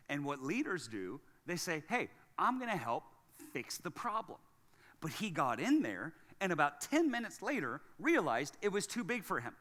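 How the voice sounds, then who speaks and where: A man preaching a sermon as lead pastor, chatty and jokey, going from hushed to loud. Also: a little high, in a large hall.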